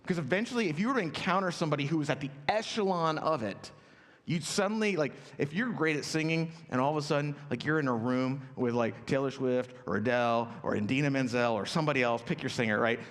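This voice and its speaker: A man preaching a sermon in a relaxed, conversational way, telling stories and acting out quotes. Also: fairly high pitch, fast. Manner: conversational, storytelling with acted quotes. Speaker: pastor. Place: church auditorium. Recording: church hall reverb.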